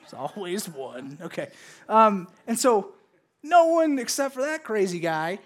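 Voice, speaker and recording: A man's voice: high voice, sing-song, a little slow. A man in his thirties preaching a casual sermon to a congregation, playfully acting out his kids and God in raised voices. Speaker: pastor. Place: church service with congregation.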